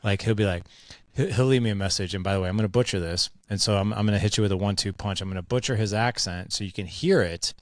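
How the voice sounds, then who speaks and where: A man's voice: lowish voice, fast talker, no room sound, studio quality. A man hosting a podcast interview, joking and chatty with plenty of fillers. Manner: jokey, energetic, many fillers. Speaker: podcast host. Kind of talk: casual interview chat.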